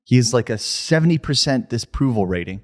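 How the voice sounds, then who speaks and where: A man's voice: mid-range voice, expressive, quick pace. A man co-hosting a comedy podcast, casual and playful, who rants and swears when worked up. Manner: playful, ranting, swears, tries accents. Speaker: podcast co-host.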